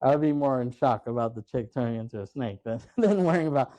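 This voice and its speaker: A man on a movie podcast, chatting casually and laughing as he retells scenes, putting on the characters' lines. His voice is mellow and dark, recorded dry and close with no room sound. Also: medium pitch, expressive, quick pace, no room sound. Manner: loose retelling, acts out quotes, laughs often. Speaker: podcast host.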